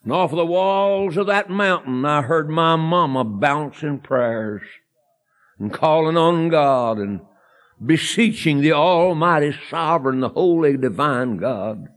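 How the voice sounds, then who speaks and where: Preacher man, folksy and fervent, lively sing-song pitch, unhurried pace. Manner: folksy, fervent, building to shouted emphasis. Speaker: evangelist preacher. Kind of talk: sermon storytelling.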